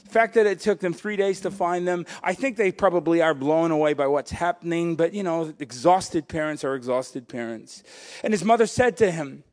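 A male pastor delivering a sermon with a somewhat high-pitched voice. He preaches in an animated, joking way, laughing often and acting out quotes. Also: moderate pace.

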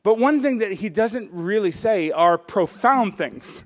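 A male pastor delivering a sermon with a somewhat high-pitched voice. He preaches in an animated, joking way, laughing often and acting out quotes. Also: moderate pace.

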